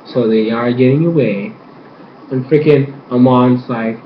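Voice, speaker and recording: A young man giving an excited, casual recap of a show episode, full of fillers and sudden high squeals as he quotes the characters. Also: a little slow, echoey room, highs cut off, a little hiss or hum. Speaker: episode reviewer.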